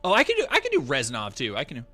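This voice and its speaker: A man's voice: mid-range voice, huge pitch swings, rapid-fire, bright, forceful tone, faint music behind. A young man chatting on a live stream in a rambling, profane, jokey way, often restarting his sentences. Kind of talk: casual live-stream chat.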